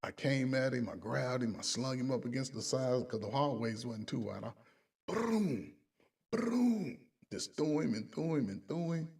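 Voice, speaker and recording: A man's voice: mid-range voice, a little fast, gravelly, hardly any pauses, darkish tone, recorded from a distance. A middle-aged man, a coach, telling a story from his army days in casual talk, acting out the voices and sound effects.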